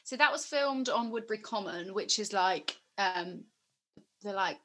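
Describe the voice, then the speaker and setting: A woman's voice: mid-range voice, expressive, unhurried, fairly bright tone. A young woman in her twenties chatting as an interview guest, rambling with many fillers. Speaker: guest musician and actor. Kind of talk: casual interview chat.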